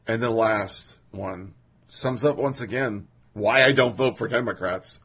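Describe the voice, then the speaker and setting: Indignant, husky-voiced male podcast host. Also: lowish voice, a little slow, a bit bright. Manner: sarcastic, indignant, reads quotes aloud. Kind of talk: political commentary podcast.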